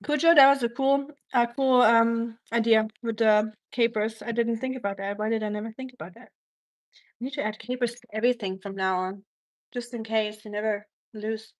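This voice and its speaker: A woman's voice: on the high side, steady tone, normal speed. A woman from Germany with a German accent, chatting casually on a cooking live stream and reading viewer comments aloud.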